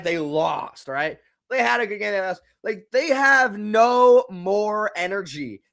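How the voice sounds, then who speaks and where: A young man streams his live reaction to a football game, sounding fed up as he repeats himself and swears now and then. His voice sits high for a man, and his talking is unhurried and drawn out. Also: pushed and bright.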